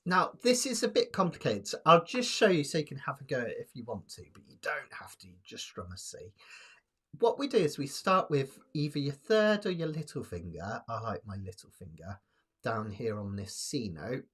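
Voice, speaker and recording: A man's voice: mid-range voice, sing-song, normal speed, a bit bright, husky. A man teaching a live-streamed ukulele lesson, patient and encouraging, counting beats aloud as he explains chords. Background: ukulele playing.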